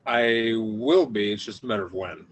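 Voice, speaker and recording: Low-ish guy, author on a podcast, chill rambling talk. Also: moderate pace, rough recording. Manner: easygoing, rambling with fillers. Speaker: author and guest. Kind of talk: casual podcast interview.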